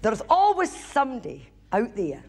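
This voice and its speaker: A woman's voice: fairly high pitch, wildly swooping pitch, normal speed, a little mellow. A woman telling comic stories on a theatre stage, chatty and confiding with the audience. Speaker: stage comedian. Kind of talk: stand-up storytelling. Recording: live theatre, audience laughter, band music.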